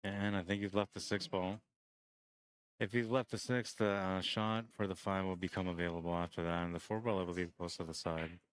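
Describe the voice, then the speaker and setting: A man with a deep, just-woke-up voice, rambling and joking as he runs a pool tournament stream and calls the shots, short on sleep. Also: little pitch movement, a little fast, clean tone. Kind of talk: casual live-stream commentary.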